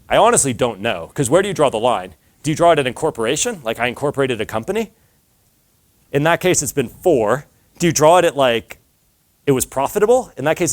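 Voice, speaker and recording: Chatty man telling a startup story. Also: mid-range voice. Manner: chatty, lots of filler words and acted-out dialogue. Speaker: speaker giving a talk. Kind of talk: casual storytelling talk.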